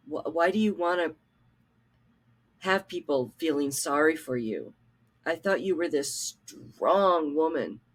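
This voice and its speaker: A woman at home talks slowly and deliberately while she calls someone out. Her tone is scornful and mocking, with laughter breaking into the anger. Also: low voice. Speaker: reaction video host. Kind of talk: angry call-out commentary.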